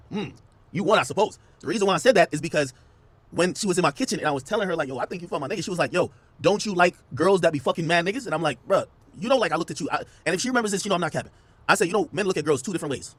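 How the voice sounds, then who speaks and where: A man hosting a podcast, telling a story in rapid, emphatic, slang-heavy casual talk. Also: a little high, husky, no echo. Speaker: podcast host. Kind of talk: casual monologue to camera.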